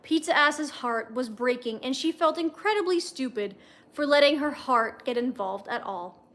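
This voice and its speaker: Brief: young woman, high voice, casual livestream read-aloud with wry asides. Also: animated, normal speed, a bit bright. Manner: chatty, wry comments between passages. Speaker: livestream host reading fanfiction.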